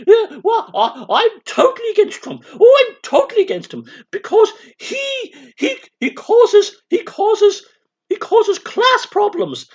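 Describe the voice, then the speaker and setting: A man's voice: extremely high pitch, big pitch swings, measured pace, voice pushed up, exaggerated voice. A man doing a pompous posh lord. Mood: smug. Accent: put-on upper-class English. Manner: plummy, drawling, mocking. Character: pompous rich aristocratic male socialist. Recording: dull lo-fi sound.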